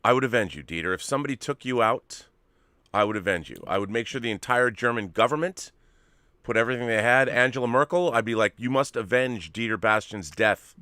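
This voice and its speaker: Bright, crisp American man riffing. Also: medium pitch, lively intonation, fast, no echo, studio quality. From United States. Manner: enthusiastic, riffing, jokey asides. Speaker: co-host. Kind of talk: casual chat. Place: home studio in Hollywood.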